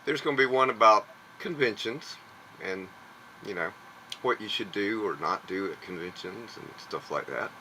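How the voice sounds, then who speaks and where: Bright-voiced Southern man on a call. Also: on the low side, normal speed, slight background noise, poor audio. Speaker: guest, trivia show host. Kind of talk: casual chat on a video call. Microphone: video call.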